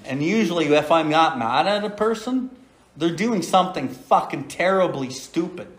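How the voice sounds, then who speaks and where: This recovery podcast host and sponsor, a middle-aged man from Canada, speaks bluntly and with plenty of profanity, dropping "right?" again and again, and reads from the Big Book. His voice is on the high side, expressive, at a normal speed.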